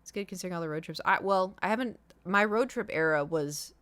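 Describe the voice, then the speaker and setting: A woman's voice: fairly low pitch, fast talker, fairly bright tone, dry recording. A young woman streaming live, talking casually and rambling through a story with lots of filler words. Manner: rambling and chatty, with many fillers. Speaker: livestreamer.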